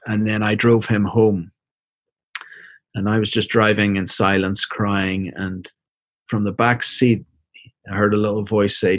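Soft-spoken low-voiced man, reflective. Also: level tone, no echo. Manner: soft, reflective, halting with repeated words. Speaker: interview guest, seminary professor and minister. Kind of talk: personal storytelling in an interview.

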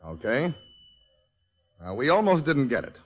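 An actor playing a patient, history-loving male soldier in a 1940s radio drama, telling history in an animated way. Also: mid-range voice, measured pace, husky. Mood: storytelling. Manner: tells history in an animated storytelling way.

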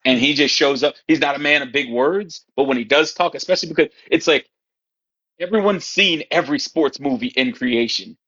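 A man who coaches high school football, a podcast guest telling wry anecdotes and acting out his players' voices. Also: brisk, bright, forceful tone, husky, muffled recording. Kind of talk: casual storytelling chat.

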